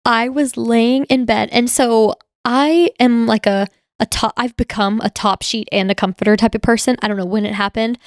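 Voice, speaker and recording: A woman's voice: a little high, moderate pace, dry recording, studio quality. A woman co-hosting a paranormal podcast, chatting casually and rambling through her own spooky anecdotes. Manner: chatty, rambling, animated retelling. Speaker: podcast co-host. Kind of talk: casual chat.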